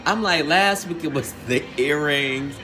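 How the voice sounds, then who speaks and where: Over soft background music, a man speaks unhurriedly in a fairly high, bright, forceful voice. He's a reality show recap host giving a casual rundown full of sassy, profane drag slang, switching voices to act out quotes.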